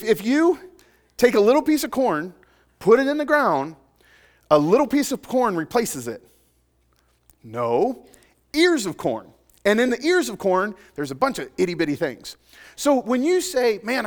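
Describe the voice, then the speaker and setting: Animated higher-voiced man preaching. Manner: animated, dramatic swings from loud emphasis to soft intimate asides; conversational, jokes with congregation. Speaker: pastor. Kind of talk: sermon.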